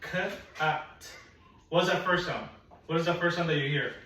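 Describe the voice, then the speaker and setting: A man's voice: fairly high pitch, bright, forceful tone. Patient man teaching phonics in an echoey classroom. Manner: patient, encouraging, repeats sounds slowly. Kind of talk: one-on-one phonics lesson. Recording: echoey room, mic at a distance.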